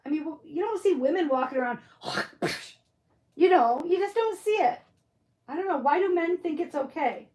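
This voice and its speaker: This middle-aged woman, a Michigan native with the accent to match, casually chats through a craft livestream, answering viewer comments and musing aloud as she reads chat. Her voice is very high-pitched, animated and brisk, a little mellow, with a roomy sound.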